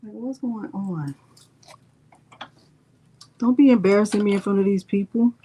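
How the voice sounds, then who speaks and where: A woman's voice: medium pitch, unhurried, mellow, a little hiss or hum. A middle-aged woman hosting a crafting livestream, chatting casually with viewers, teasing herself and muttering as she works. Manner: chatty, addresses viewers as y'all, self-teasing; muttering to herself while working. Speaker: crafting channel host.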